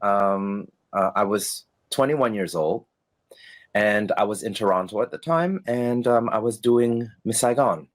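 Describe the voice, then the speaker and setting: A middle-aged man, a former stage performer, telling stories in a casual interview, animated and laughing, acting out the voices of people he quotes. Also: on the low side, a little slow.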